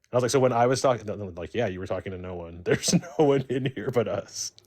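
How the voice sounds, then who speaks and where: Deep-voiced man rambling through a story. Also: fast, a little mellow. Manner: rambling, many "like" fillers. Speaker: caller. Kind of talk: casual storytelling.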